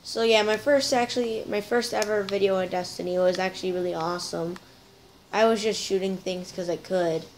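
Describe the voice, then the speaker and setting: Woman, playful gameplay commentary, chatty with viewers, medium pitch, faint background hiss. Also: steady tone, fairly quick, poor audio. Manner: chatty, playful, talks to viewers while playing. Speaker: gameplay video host.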